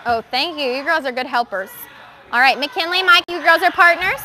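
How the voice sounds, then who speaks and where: A young woman coaching young gymnasts through a live bar practice, giving brisk, encouraging instructions. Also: high voice, lively intonation, noisy background. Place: gymnastics gym.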